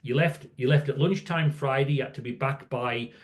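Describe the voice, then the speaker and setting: A man's voice: medium pitch, moderate pace. A man in his sixties, a podcast guest, telling work stories in a rambling, casual way and often checking in with "right?". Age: 60s. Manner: rambling, restarts, frequent "right?" tags. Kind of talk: casual storytelling conversation.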